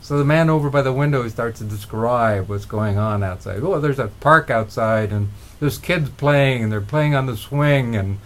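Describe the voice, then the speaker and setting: A middle-aged man telling motivational stories in a relaxed, rambling way, with frequent restarts. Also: mid-range voice, normal speed, few pauses. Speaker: motivational speaker. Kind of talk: motivational storytelling.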